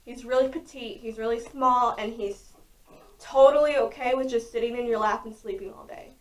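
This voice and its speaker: Young woman vlogger, loud and frank, a bit high, recorded from a distance. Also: fairly even intonation, moderate pace. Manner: talks loudly and frankly, with many fillers. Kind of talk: casual chat to camera. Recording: voice distant from the mic.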